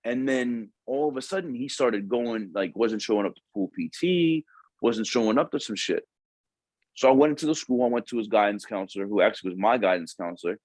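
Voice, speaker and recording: Animated, slangy male recruiter telling stories. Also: medium pitch, a little fast, no room sound. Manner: animated, profane, slangy, acts out quoted voices. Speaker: Marine recruiter. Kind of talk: casual podcast storytelling.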